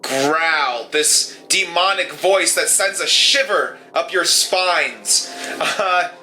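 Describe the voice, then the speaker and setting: A man runs a horror tabletop game, with a high voice and a very bright, cutting tone. He narrates vivid scenes, then stumbles through fillers and restarts over the rules. Soft music plays behind him. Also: slow pace, poor audio. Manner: hesitant, many fillers and restarts in rules talk. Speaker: game master.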